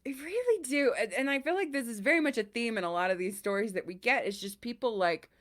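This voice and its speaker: A woman's voice: on the high side, quick pace. A woman co-hosting a podcast in casual chat, telling stories animatedly and acting out the people in them. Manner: animated storyteller, acts out both sides of the call. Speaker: podcast co-host. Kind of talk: casual chat, retelling a customer service call.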